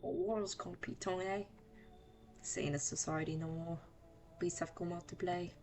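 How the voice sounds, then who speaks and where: Woman putting on a rough male drifter, swaggering, attempted british accent, low voice. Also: fairly even intonation, fairly quick, a little mellow, faint music behind, lightly acted. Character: rough male drifter who says survival of the fittest.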